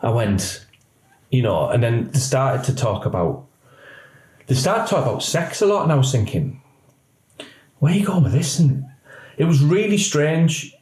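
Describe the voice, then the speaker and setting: Man, middle-aged, podcast guest, animated storytelling, mid pitch, echoey room. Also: normal speed. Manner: animated storyteller, acts out quoted voices. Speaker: police officer guest. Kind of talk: candid podcast interview.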